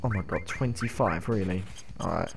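A man's voice: low voice, moderate pace, creaky, over music. A young man chatting casually while streaming a game, telling rambling, giggly stories. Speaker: gaming livestreamer. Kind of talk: casual chat while playing.

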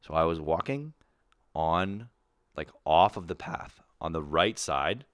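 Man, podcast host, profane animated ranter, lively pitch. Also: slow, dry recording, clean studio sound. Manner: animated ranting, swears a lot, laughs often. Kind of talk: casual profane comedy chat.

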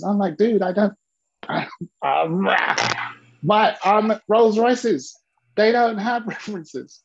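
Man, gravelly husky voice, animated storytelling, dull lo-fi call audio. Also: high voice, measured pace. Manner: animated, acts out quoted voices. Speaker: business mentor. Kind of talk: storytelling to an interviewer.

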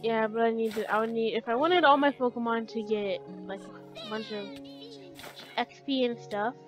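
A woman's voice: fairly high pitch, normal speed, faint music behind, rough recording. A woman giving chatty let's play commentary, talking to her game characters as she plays. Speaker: gamer.

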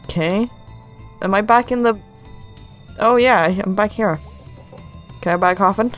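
A let's play host chatting casually while playing, joking and poking fun at themselves. Faint game music runs underneath, and the pitch sits in a middle range. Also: measured pace, long pauses, fairly bright tone. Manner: chatty, joking, self-mocking. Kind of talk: casual gameplay commentary.

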